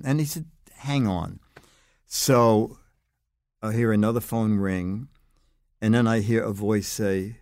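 Older man telling animated anecdotes. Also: on the low side, a little slow, long pauses, no room sound, clean studio sound. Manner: animated anecdotes, acts out others' lines. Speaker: guest, longtime magazine writer. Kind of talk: podcast interview storytelling.

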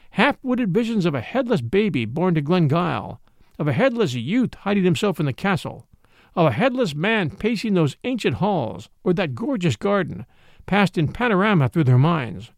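A man narrating a classic mystery story in an expressive, dramatic reading style. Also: high voice, gravelly, no echo, clean studio sound.

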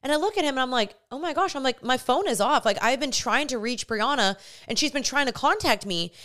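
A young woman hosting a podcast, telling a personal story casually and acting out the dialogue with lively energy. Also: high-pitched, fairly quick. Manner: animated, acts out quoted dialogue. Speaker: podcast host.

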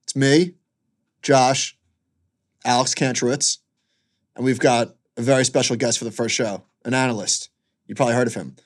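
A man's voice: medium pitch, fairly even intonation, moderate pace, long pauses. Easygoing man co-hosting a money podcast. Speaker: podcast co-host. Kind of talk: casual finance chat.

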